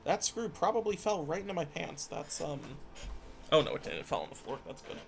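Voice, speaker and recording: A man's voice: a little high, big pitch swings, brisk, vocal fry, a bit bright, slight background noise. A young man on a live stream who mutters to himself and swears often. He is stressed and frustrated while he builds something by hand. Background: faint background music.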